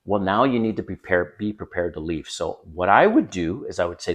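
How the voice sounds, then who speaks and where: Speaking a little fast in an expressive voice that sits low, a man gives dating advice on his own channel, addressing the camera directly. He's a dating coach whose conversational, direct style includes acting out quoted lines.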